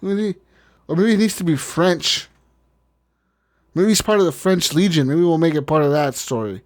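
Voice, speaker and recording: A man co-hosting a gaming podcast, talking casually in a slightly high voice. He swears freely and slides into joking rants. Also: moderate pace, darkish tone. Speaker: podcast co-host.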